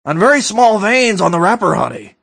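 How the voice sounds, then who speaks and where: A man's voice: sits high, sing-song, brisk, vocal fry, a bit bright, slightly rough, exaggerated voice. Man doing a smug drawling rich pundit. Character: pompous rich older male radio pundit, smug.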